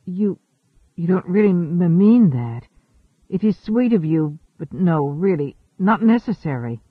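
A man's voice: on the high side, animated, no echo. A man reading the lines of a weary, ageless male seafarer among space travelers in an audiobook. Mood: hurt, halting. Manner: earnest, halting. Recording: thin phone-like dry audio.

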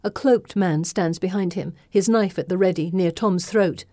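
A woman narrates a novel in the first person with steady, measured delivery. Her voice is mellow and a little low, recorded close and dry. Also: no echo. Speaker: audiobook narrator.

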